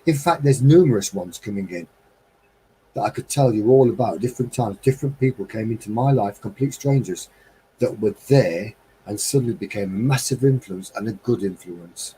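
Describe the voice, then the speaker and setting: A man's voice: lowish voice, normal speed, warm tone, a little hiss or hum, rough recording. A middle-aged man from England hosting a live stream, musing in a heartfelt, rambling, wistful way. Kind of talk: reflective casual monologue.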